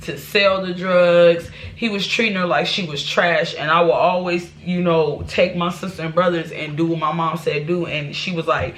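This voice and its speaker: A woman's voice: fairly low pitch, steady tone, normal speed, few pauses, fairly bright tone. A woman vlogger telling a personal life story to her viewers, candid and rambling, with restarts and asides. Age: adult.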